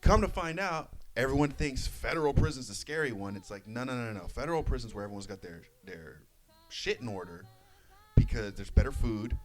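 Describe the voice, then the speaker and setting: A man's voice: medium pitch, animated, brisk, soft background music. A young man, a podcast co-host, telling a long story in casual chat, swearing freely and acting out what people said. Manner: rambling storyteller, swears freely, acts out quotes.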